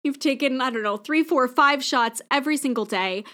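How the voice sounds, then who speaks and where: A woman's voice: sits high, moderate pace, a bit bright. A woman hosting a podcast, speaking candidly and emotionally in a reflective personal monologue. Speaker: podcast host.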